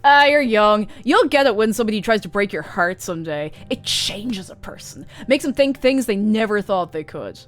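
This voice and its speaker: A woman voicing a chatty, clueless young man who rambles loudly and gleefully. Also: mid-range voice, animated, normal speed, hardly any pauses, faint music behind, lightly acted.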